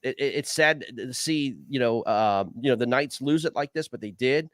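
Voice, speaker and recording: A man's voice: mid-range voice, normal speed, no echo, clean studio sound. A man hosting a fishing league recap show, talking casually and rambling, calling people "man" and "dude". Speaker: show host.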